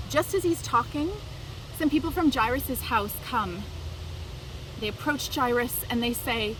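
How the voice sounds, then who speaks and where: A woman telling a scripture passage from memory in a slow, deliberate, expressive way. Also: on the high side. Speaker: biblical storyteller. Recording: distant mic, traffic noise.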